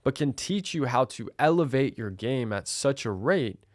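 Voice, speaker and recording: A man's voice: mid-range voice, lively intonation, moderate pace, no room sound, clean studio sound. A man hosting a solo podcast, telling a story in a direct, emphatic way. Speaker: podcast host.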